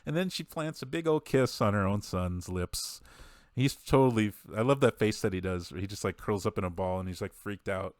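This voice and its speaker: A man on a podcast gives a rambling, casual recap of a movie. He laughs often and acts out the quotes. His voice is very deep, and the close mic sounds dry. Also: moderate pace, no echo. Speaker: podcast co-host.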